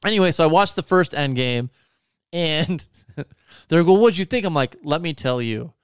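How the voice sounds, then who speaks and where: A man's voice: a little high, unhurried, a bit bright, clean tone, no echo, clean studio sound. A man in casual chat, telling stories in a profane, sarcastic rant. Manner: profane, ranting, sarcastic storytelling.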